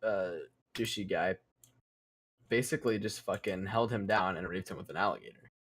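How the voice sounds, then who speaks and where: A man's voice: sits low, normal speed, fairly bright tone, husky. A young man hosting a podcast, telling a story casually while gaming, rambling and swearing. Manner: rambling, profane, restarts and laughs. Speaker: podcast host.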